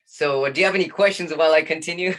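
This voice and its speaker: A man in his forties, a guest telling a painful personal story in an earnest, halting way with many restarts. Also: on the high side, fairly bright tone.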